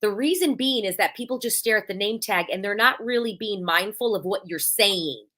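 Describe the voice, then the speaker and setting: A woman's voice: medium pitch, moderate pace, bright, forceful tone. A woman hosting a casual podcast chat, blunt and emphatic, acting out little quoted exchanges. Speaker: podcast host.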